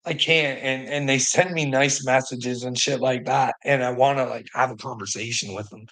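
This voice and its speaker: A man's voice: mid-range voice, steady tone, moderate pace, a bit bright. A weary man ranting in a profane monologue to the camera, swearing constantly and stammering through restarts. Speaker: vlogger.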